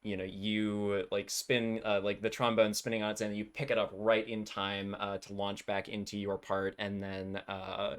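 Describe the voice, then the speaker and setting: Low-voiced man game master, rambling. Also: a bit bright. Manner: rambling, full of ums and likes. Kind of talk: narrating a tabletop game.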